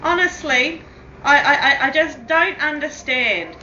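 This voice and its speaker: A woman's voice: high voice, measured pace, pushed and bright, slight background noise. A woman playing an opinionated, forgetful old woman who knits, scolding and stammering through gossipy chat in a comedy sketch. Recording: roomy, distant, dull home-video recording.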